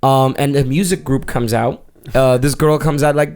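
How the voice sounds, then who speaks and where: A man telling a long story in casual podcast chat, acting out quotes with shouts and laughter and swearing freely. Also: mid-range voice, steady tone, normal speed, clean tone. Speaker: podcast co-host.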